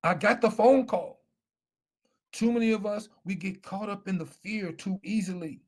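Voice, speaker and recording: Telling his life story as a guest speaker, a middle-aged man who once played football speaks with emphasis and repetition. His voice is high-pitched and a little mellow, at a normal speed.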